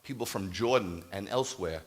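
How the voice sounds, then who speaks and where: A man with a fairly low voice preaches to a congregation, telling a story and acting out each side of the conversation. He grows loud and emphatic when he drives his point home. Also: fairly quick. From United States. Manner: animated, acts out quoted dialogue, rises to emphatic preaching. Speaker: Messianic rabbi. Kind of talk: sermon storytelling. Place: congregation hall, addressing a live audience.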